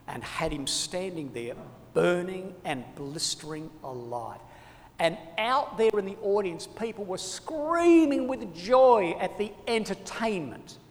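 A man preaching a sermon with passion, his delivery sweeping from loud appeals to hushed, quiet lines. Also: fairly high pitch. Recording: long hall reverb.

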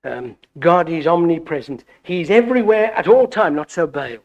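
A middle-aged man preaching a sermon, animated and full of stammered restarts. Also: normal speed. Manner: animated, wide swings in pitch and loudness, frequent stammered restarts. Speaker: visiting preacher.

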